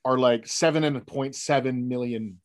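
A man's voice: medium pitch, normal speed. A man hosting a casual podcast, teasing his co-host and arguing playfully.

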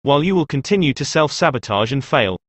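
A man's voice: mid-range voice, lively intonation, fast talker, dry recording, close to an everyday voice. A man playing a traumatized adult man who confronts his abusive mother with intense emotion. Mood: defiant.

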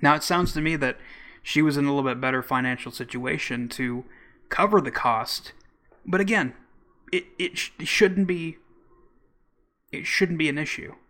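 A man from Oklahoma hosting a podcast, commenting casually in a loose, halting way with repeated words. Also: on the high side, sharp tone. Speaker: podcast host.

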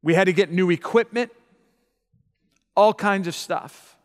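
High-voiced preacher in a big echoing hall. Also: male voice, unhurried. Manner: repeats himself, asks the audience "okay?". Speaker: pastor. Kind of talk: sermon. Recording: long hall reverb.

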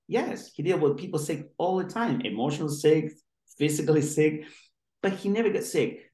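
A male doctor appears as a guest in an interview, speaking at medium pitch with a darkish tone. He's earnest and rambling, restarting often, and the recording has a roomy echo.

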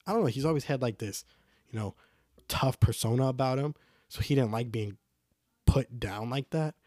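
A man's voice: medium pitch, mellow, dry recording, clean studio sound. A young man casually telling stories about growing up, in a loose, rambling way with lots of fillers. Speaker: storyteller. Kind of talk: casual personal storytelling.

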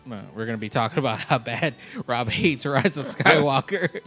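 A man's voice: medium pitch, normal speed, bright, forceful tone, soft background music. Laid-back man who laughs often. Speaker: podcast host. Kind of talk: casual chat.

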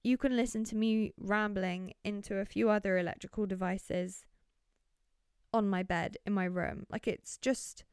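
A woman's voice: mid-range voice, fairly even intonation, normal speed, a little mellow, clean tone, dry recording, studio quality. A young woman hosting a solo podcast, rambling in a chatty, giggly way full of wonder, recorded on her bed in her bedroom. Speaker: podcast host.

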